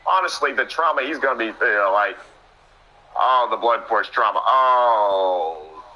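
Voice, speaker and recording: A young man doing excitable play-by-play commentary on a wrestling match, often breaking into sudden exclamations. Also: mid-range voice, measured pace, highs cut off.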